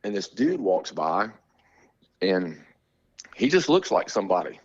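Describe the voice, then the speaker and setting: A man from Alabama, a drummer telling stories in a casual interview, animated, slangy and quick to laugh. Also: low-pitched, dull audio. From Montgomery, Alabama. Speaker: guest musician, drummer.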